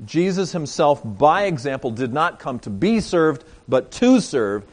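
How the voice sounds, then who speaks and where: A pastor giving a sermon, telling a story and talking directly to his congregation. He moves between emphatic lines and quiet asides. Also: fairly high pitch, very animated, measured pace, few pauses.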